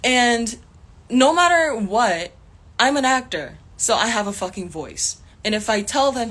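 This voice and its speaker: A woman's voice: medium pitch, expressive, a little slow, fairly bright tone. Young woman ranting angrily on a phone. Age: young adult. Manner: angry, heated, swears often, laughs in frustration. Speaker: actor streaming live. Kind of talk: casual livestream rant.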